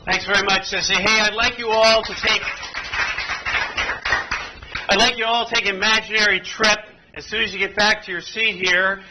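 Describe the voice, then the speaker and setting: A man with a very high voice leads a playful, interactive workshop, spinning a story for people seated at tables. He jokes easily with the room. The recording carries clear background noise. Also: fairly even intonation, moderate pace, pauses often. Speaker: workshop presenter. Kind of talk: interactive training demonstration. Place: conference room with audience at tables.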